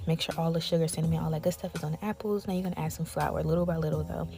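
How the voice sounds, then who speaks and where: A woman's voice: low-pitched, steady tone, rapid-fire, warm tone, faint music behind. A young woman, chatting casually to her viewers as she cooks, calling them y'all. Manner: chatty, talks straight to viewers, calls them y'all and besties. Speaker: cooking creator. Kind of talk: casual cooking vlog chat.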